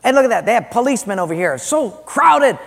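A man's voice: mid-range voice, huge pitch swings, normal speed, a bit bright, slightly rough, heavily acted. A man voicing a fed-up male churchgoer who complains about crowding in an exasperated, whiny way, as part of a sermon. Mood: griping.

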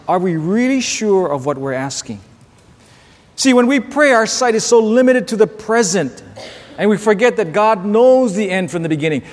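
Middle-aged male pastor, high voice, lively story-driven sermon delivery in a reverberant hall. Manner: animated storytelling, acts out shouting at the screen.

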